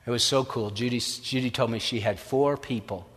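A man preaching a sermon as pastor, lively and acting out the voices of doubters. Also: medium pitch, normal speed. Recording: reverberant hall.

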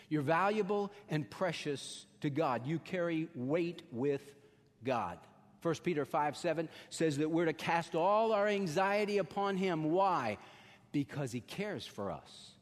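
Emphatic preacher in a reverberant hall. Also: male voice, a little high. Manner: builds to emphatic peaks, then drops soft and slow. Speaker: pastor. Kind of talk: sermon.

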